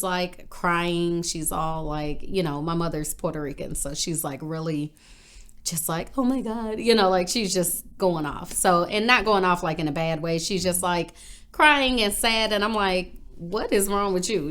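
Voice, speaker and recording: A woman from northern Illinois recounting her life in a relaxed interview, sitting a little lower in pitch than most women. She tells her stories with animation and leaps up in pitch when she acts out what people said. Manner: animated, acts out quoted voices with big pitch jumps. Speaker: interview guest. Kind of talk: casual interview storytelling.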